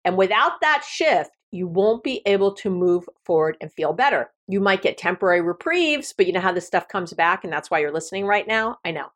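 Chatty, animated woman therapist. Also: mid-range voice, brisk, hardly any pauses. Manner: chatty, animated, playful asides with frequent laughs. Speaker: therapist and podcast host. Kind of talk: solo podcast talk.

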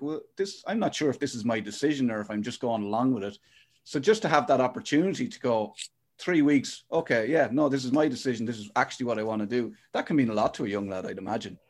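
A man hosts a podcast, talking at a brisk clip. He muses aloud in a relaxed, conversational way and hedges with "you know" as he thinks. His pitch sits in the middle range. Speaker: podcast host. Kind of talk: interview questions and reflection.

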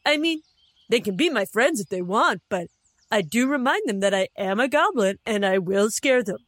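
A woman's voice: mid-range voice, lively intonation, moderate pace, fairly bright tone, no room sound, studio quality. A woman voicing a blunt, cheerful goblin in a comedy sketch, matter-of-fact and giggly. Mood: upbeat. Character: blunt cheerful goblin roommate, proud of scaring people.

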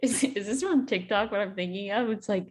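A woman's voice: medium pitch, fairly quick, husky. Woman co-host, playful banter, giggly, casual chat. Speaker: podcast co-host.

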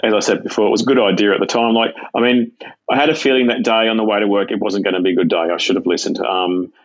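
A middle-aged Australian man, a retired police sergeant, tells his story in a halting way with many fillers and restarts. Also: fairly low pitch, fairly even intonation, no room sound, highs cut off. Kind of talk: casual personal storytelling.

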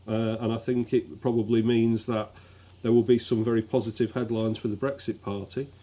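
A man's voice: medium pitch, flat delivery, moderate pace, warm tone. Dry, wry male podcast co-host. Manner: dry, wry delivery of news and figures. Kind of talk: casual comedic chat.

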